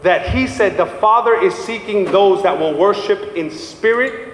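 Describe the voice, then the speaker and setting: Male pastor, high voice, preaching with fervor; recorded in a reverberant church hall. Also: a little slow, slight background noise. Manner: passionate preaching, acts out voices of people he quotes. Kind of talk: sermon. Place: church sanctuary. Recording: echoey hall with faint ambience.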